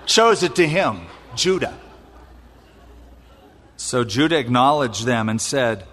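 A male preacher retelling scripture in a sermon, animated and exclaiming as he acts out quotes. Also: medium pitch, slow pace, long pauses, slightly rough. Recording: long reverb in a large hall.

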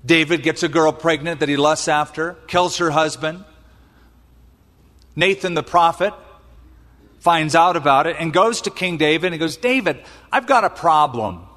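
A male preacher delivers a sermon with a fairly high voice, swinging between quiet asides and loud exclamations. He acts out the people in the story as he goes. A long reverb hangs in the hall around him. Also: moderate pace, long pauses. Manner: animated, acts out quotes, exclaims. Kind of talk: sermon, retelling scripture.

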